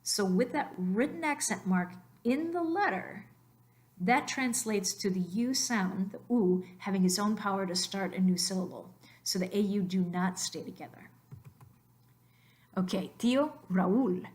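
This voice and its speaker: A woman teacher narrating a slide lesson, explaining patiently step by step and repeating words slowly. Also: medium pitch, a little mellow. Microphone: voice-over on computer mic.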